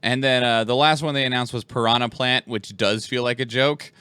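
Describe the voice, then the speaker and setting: A man's voice: mid-range voice, fairly even intonation, a little fast, pushed and bright, clean tone, dry recording. A man co-hosting a podcast in casual chat, rambling with lots of fillers and laughs. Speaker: podcast co-host.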